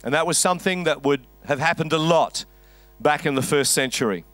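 A man's voice: on the high side, brisk, fairly bright tone, no room sound, soft background music. A man preaching a sermon, telling a story with a wry, conversational humor. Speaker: pastor.

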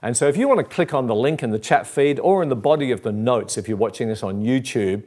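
A middle-aged Australian man giving a sermon in an earnest, conversational way. He stops for fillers and restates his key lines. His pitch sits at an ordinary male middle. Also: expressive, fast. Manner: earnest and warm, with fillers and repeated phrases. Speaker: pastor.

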